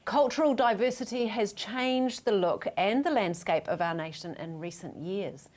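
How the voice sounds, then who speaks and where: A woman hosting a television panel show in an upbeat, expressive presenter manner. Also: medium pitch, normal speed. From New Zealand. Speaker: host.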